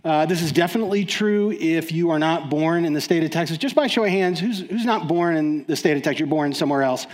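A man's voice: on the high side, fast talker, few pauses. A man filling in as guest speaker, giving a casual, joking sermon to a live audience, full of fillers and restarts.

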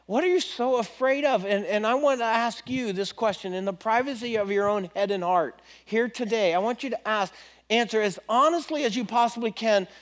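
A man preaching a sermon in a conversational, animated way, often repeating questions to his listeners. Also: high voice.

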